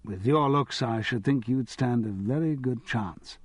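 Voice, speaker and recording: A man's voice: medium pitch, measured pace, breathy edge, no echo. A man playing a vain middle-aged English actor with a self-deprecating, charming manner.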